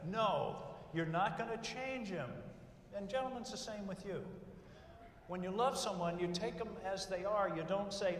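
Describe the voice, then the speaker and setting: A man's voice: high voice, normal speed, a bit bright, a little hiss or hum. An older man delivering a graduation speech, telling folksy stories and counting off numbered pieces of advice. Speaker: commencement speaker. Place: large hall at a graduation ceremony. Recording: echoey hall from far off.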